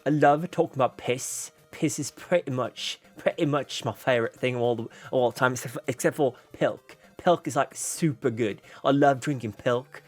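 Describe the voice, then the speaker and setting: Guy doing a loud british cat boy voice, cheeky and bouncy, some music in the back. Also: medium pitch, normal speed, few pauses, close to an everyday voice. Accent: British (put-on).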